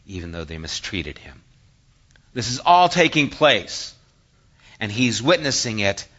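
A man preaching a sermon, conversational and animated, moving between hushed reflection and emphatic asides. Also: fairly low pitch, highs cut off. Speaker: pastor.

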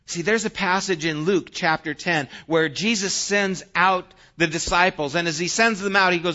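A middle-aged male pastor delivers a sermon in a conversational way, his voice bright and a touch high for a man. He swings between loud emphasis and quiet asides. The recording sounds dull and lo-fi. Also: moderate pace, few pauses. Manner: conversational preaching, shifting from loud to hushed.

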